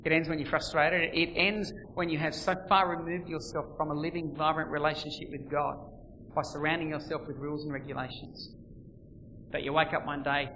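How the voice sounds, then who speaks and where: A man preaching a sermon, swinging between loud emphasis and quiet, intimate lines. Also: fairly high pitch, little pitch movement, fairly quick, dull audio, background noise. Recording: long reverb, faint ambience.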